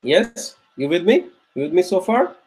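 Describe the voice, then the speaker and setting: A man's voice: sits high, sing-song, a little mellow. A man teaching an Arabic grammar class, patiently repeating words aloud and checking that his students are following. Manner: patient, drills words by repeating them slowly.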